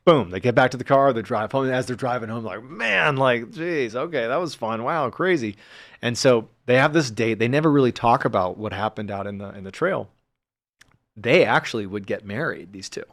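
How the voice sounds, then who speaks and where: A man, a podcast guest, telling a story in a relaxed, casual way, filling his talk with fillers as he builds suspense. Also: medium pitch, fairly quick, dry recording.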